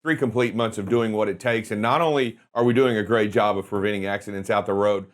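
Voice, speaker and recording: A man's voice: lowish voice, fairly even intonation, quick pace. A man co-hosting a trucking safety show, talking earnestly with loose, folksy phrasing. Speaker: co-host.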